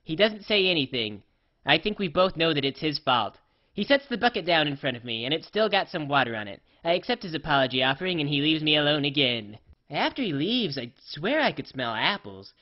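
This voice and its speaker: A scatterbrained female pony, voiced by a performer, rambles through her comedic first-person story in a mid-pitched, offhand drawl, peppered with "uh" and "like". The voice sits at an ordinary middle pitch. The recording is slightly dull and lo-fi. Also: very animated, a little fast, natural voice. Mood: offhand rambling.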